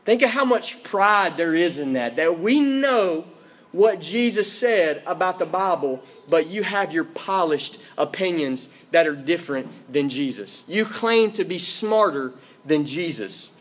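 High-voiced man preaching emphatically. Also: lively intonation, unhurried. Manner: emphatic, repeats key phrases, checks in with "Okay?". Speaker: pastor. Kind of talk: sermon. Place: church service.

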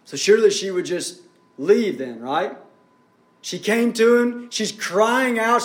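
A male pastor delivers a sermon, his intensity rising and falling as he preaches. His high, expressive voice moves a little slowly, and the sound is roomy.

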